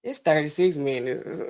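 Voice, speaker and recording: A woman hosting a casual livestream, reacting to news clips and talking straight to her chat in relaxed slangy speech. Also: sits low, gravelly. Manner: chatty and animated, talking straight to chat viewers; relaxed slangy speech with frequent filler words.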